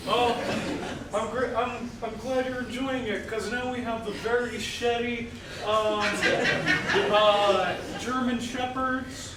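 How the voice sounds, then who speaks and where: A man's voice: extremely high pitch, steady tone, slow pace. A man playing a hesitant male puppy barn guide in live improv comedy, full of ums and uhs. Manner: hesitant, filler-heavy. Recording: echoey stage from far off with noise.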